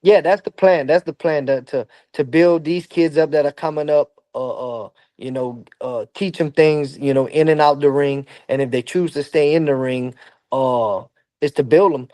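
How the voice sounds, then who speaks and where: A man from Louisiana, a boxing coach, talking in a halting, filler-heavy way as a podcast guest. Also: fairly high pitch, warm tone, no room sound. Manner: halting, lots of fillers and restarts. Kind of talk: casual interview talk.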